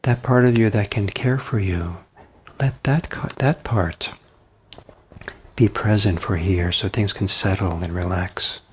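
A man giving a dharma talk as a meditation teacher, soft-spoken and halting, with many pauses and restarts. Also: on the low side, a little hiss or hum.

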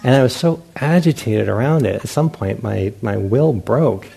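A man's voice: mid-range voice, animated, moderate pace, vocal fry, warm tone, slightly rough, faint music behind. A man who is a meditation teacher, giving a dharma talk at a meditation center as a self-mocking storyteller who acts out his own past thoughts and laughs often.

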